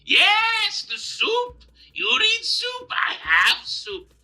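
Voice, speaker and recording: A man voicing a tiny hunched old woman who sells soup, shrill and pushy, repeating words, over faint music. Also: huge pitch swings, very slow, bright, forceful tone, full character voice.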